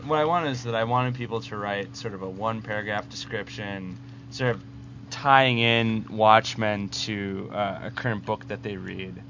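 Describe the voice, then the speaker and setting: A man's voice: fairly low pitch, moderate pace, fairly bright tone, a little hiss or hum. A man co-hosting a podcast in casual chat, offhand and dismissive. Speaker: podcast co-host. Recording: dull lo-fi podcast audio.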